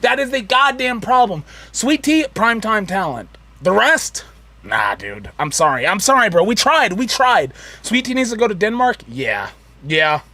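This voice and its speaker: A drunk man co-hosting a livestream, ranting loudly and swearing. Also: high-pitched, big pitch swings, measured pace, no echo. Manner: loud, profane ranting. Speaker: co-host of a livestream show. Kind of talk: casual livestream chat.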